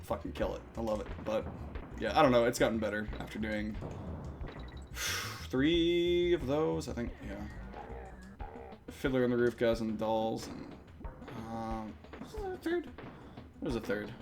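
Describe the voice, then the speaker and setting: A man's voice: medium pitch, sing-song, unhurried, long pauses, over music. A young man chatting casually while playing a game on a live stream, rambling and swearing often.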